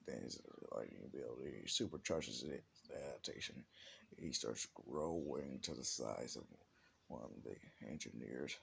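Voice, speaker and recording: A man's voice: very deep voice, lively intonation, moderate pace, gravelly, a little hiss or hum. A man telling an improvised fan-fiction story in a rambling way, with many restarts.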